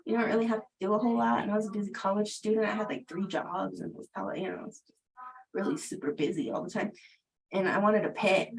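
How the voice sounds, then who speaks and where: A woman's voice: mid-range voice, steady tone, quick pace, creaky, poor audio. Chatty middle-aged woman who laughs often. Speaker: spiritual teacher. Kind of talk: casual storytelling on a livestream.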